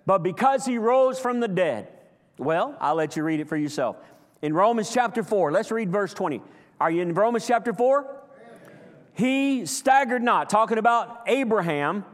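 A man preaching a sermon with passion, swinging from loud outbursts to hushed, slow lines. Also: high-pitched, expressive. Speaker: pastor. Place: church sanctuary. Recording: long hall reverb.

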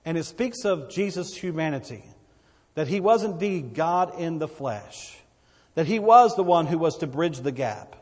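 Male pastor, a bit high-pitched, preaching with repeats and swells, church hall reverb. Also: animated, moderate pace. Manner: preaching with repetitions and swells of volume. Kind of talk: sermon.

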